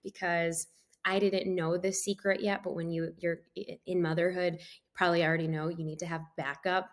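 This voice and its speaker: A middle-aged woman, a guest author, telling a personal story in a podcast interview with animated delivery and frequent laughter. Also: fairly low pitch, moderate pace.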